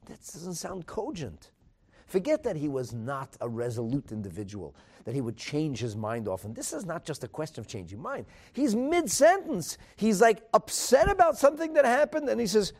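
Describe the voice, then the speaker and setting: A man teaching a Talmud class, animated and emphatic, asking rhetorical questions and mixing in Hebrew terms. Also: high voice, fairly quick. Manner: mixes in Hebrew and Aramaic terms.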